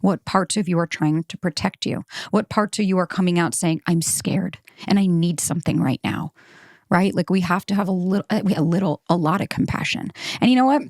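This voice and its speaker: Woman host, 30s, candid and profane, low-pitched, dry close mic. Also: brisk, no room sound. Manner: candid, swears freely, animated bursts. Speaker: dating coach and podcast host. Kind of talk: casual monologue to listeners.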